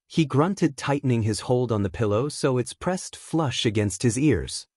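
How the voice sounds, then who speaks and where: Male narrator, mid-pitched, dead-dry close recording, steady storybook read. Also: moderate pace, hardly any pauses, no echo. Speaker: fanfiction reader. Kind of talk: scripted narration.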